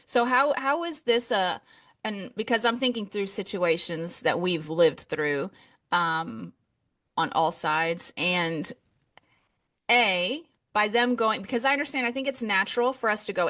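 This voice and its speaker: A woman's voice: mid-range voice, normal speed, fairly bright tone. Woman, podcast host, thoughtful, searching phrasing, conversational. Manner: thoughtful, searching, rephrasing as she goes. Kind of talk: interview conversation.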